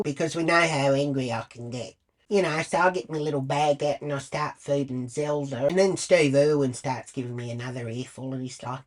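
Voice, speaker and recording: A woman's voice: very deep voice, normal speed. An Australian woman telling a blunt, crude storytime full of swearing. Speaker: vlogger. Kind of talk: storytime monologue.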